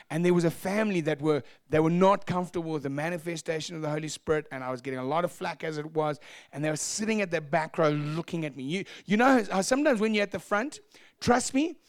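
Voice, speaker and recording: A man preaching a sermon as pastor, telling stories in an animated way and acting out voices. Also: high voice, no room sound. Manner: animated, acts out voices, laughs at own stories. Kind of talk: sermon storytelling.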